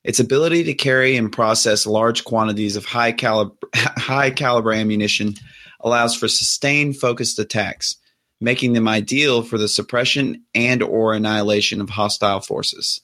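A man's voice: medium pitch, steady tone, normal speed, pushed and bright. A man co-hosting a casual gaming podcast, reading a short intro and then joking around. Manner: playful, reads scripted intros then jokes. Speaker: podcast co-host.

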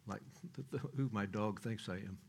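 An older man preaching in a rambling, folksy manner, breaking into chuckles and trailing off into restarts. His voice sits fairly low. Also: normal speed, creaky, slight background noise. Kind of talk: sermon.

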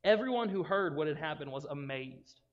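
A man gives a casual, animated youth sermon, acting out the voices of friends and Bible characters. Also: a little high, normal speed. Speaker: youth pastor. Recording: dull sound with long reverb in a hall.

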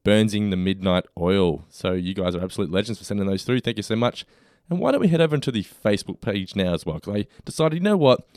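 A man's voice: fairly low pitch, animated, fast talker, darkish tone, no echo, studio quality. Upbeat podcast host man. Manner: upbeat, reads out listener suggestions. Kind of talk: casual podcast chat.

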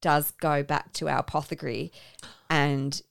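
A woman's voice: low-pitched, little pitch movement, normal speed, gravelly, smooth, dry recording, clean studio sound. A woman co-hosting a casual podcast, talking about films enthusiastically and giggling often. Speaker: podcast co-host. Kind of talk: casual film discussion.

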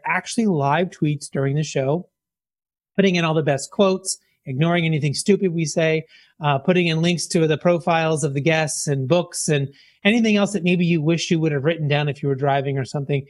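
A man's voice: on the high side, a little fast, no room sound. Chatty self-deprecating male podcast host. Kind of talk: casual show intro and interview.

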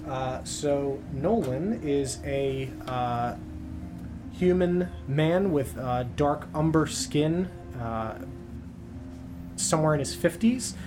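A man narrating a tabletop game as game master, describing scenes in a relaxed way with many pauses and fillers. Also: a little high. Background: background music.

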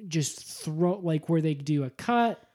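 A man co-hosting a comedic podcast, rambling and animated, swearing freely as he talks. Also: fairly high pitch, unhurried. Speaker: podcast co-host.

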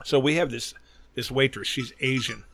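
On his podcast, the middle-aged host spins a loose, meandering yarn in casual conversation, cursing heavily throughout. He speaks at a moderate pace in a mid-range, fairly bright voice, with a little hiss or hum in the background.

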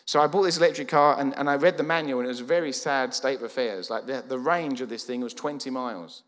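Fast male preacher, 40s, medium pitch, long church-hall reverb, animated storyteller. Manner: lively, acts out quoted dialogue. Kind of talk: storytelling sermon.

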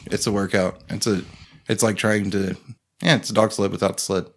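A man's voice: on the low side, flat delivery. A man chatting casually with friends, joking around and swearing freely. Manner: joking, profane, quick to chime in. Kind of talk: casual chat.

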